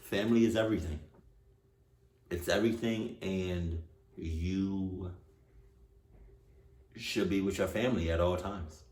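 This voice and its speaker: A man in his twenties hosting a reaction video, talking casually, swearing often, with loud exclamations. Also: low-pitched, fairly even intonation, unhurried, pauses often, echoey room. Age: 20s.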